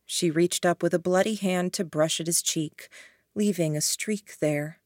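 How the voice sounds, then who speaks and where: A woman narrating an audiobook in a measured, even reading style on a close mic. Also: fairly low pitch, no echo. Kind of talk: scripted narration.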